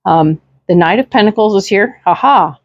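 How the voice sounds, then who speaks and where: A woman's voice: medium pitch, expressive, moderate pace, no echo, muffled recording. A woman giving a casual tarot reading in a chatty, reassuring way, with many fillers and tag questions, speaking into a desk microphone. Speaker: tarot reader.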